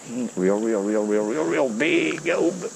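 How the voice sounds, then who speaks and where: A man, giving excited, folksy commentary to viewers while he fishes a creek outdoors. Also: fairly low pitch, moderate pace, gravelly, slight background noise, poor audio. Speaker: fishing vlogger.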